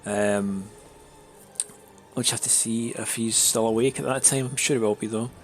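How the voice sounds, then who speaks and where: A man chatting casually on a live stream, his throat a little raspy and his nose congested, rambling with many fillers and restarts. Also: on the low side, fairly even intonation, moderate pace, soft background music.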